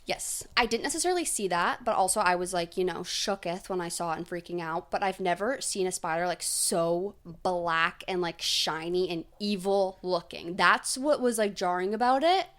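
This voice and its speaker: A woman's voice: lowish voice, normal speed, hardly any pauses, fairly bright tone. Young woman rambling through a casual story. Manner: rambling, filler-heavy storytelling with frequent "like". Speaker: podcast co-host. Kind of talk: casual chat.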